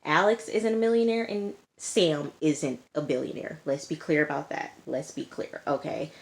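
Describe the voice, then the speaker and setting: Woman, low pitch, casual TV recap, emphatic and repetitive, chatty filler words. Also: normal speed, slight background noise. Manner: emphatic, repetitive, lots of "like" and "okay". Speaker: TV reality show reviewer. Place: indoors, sirens audible outside.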